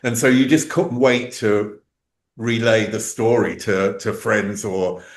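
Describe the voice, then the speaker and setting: A man's voice: on the low side, takes it slowly. Male interview host in a roomy room. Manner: relaxed, musing, many fillers. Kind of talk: conversational interview. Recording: roomy echo.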